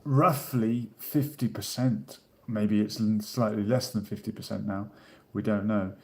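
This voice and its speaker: A man co-hosting a casual live-stream discussion, explaining at a measured pace and reading out comments from the chat. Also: on the low side, steady tone. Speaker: co-host.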